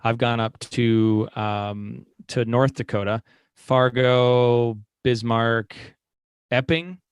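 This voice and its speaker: A man's voice: mid-range voice, slow, clean tone, dry recording. Chill guy host asking his guests questions, laughs easy, dry close sound. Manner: relaxed, laughs easily, self-correcting. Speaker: podcast host. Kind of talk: casual interview chat.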